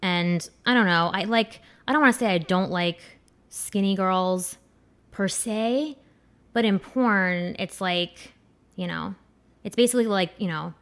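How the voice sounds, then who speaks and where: A woman's voice: lowish voice, a little slow, a bit bright. A young woman giving a casual, rambling countdown commentary, crude and full of fillers like "like" and "um". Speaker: commentator ranking adult performers.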